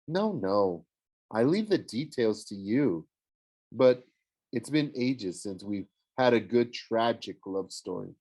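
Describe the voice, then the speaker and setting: A man's voice: lowish voice, expressive, slow pace, darkish tone, full character voice. A man voicing a dramatic, swooning goddess of love in an audiobook, gushing and theatrical. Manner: gushing, theatrical, sing-song. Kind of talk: audiobook character voice.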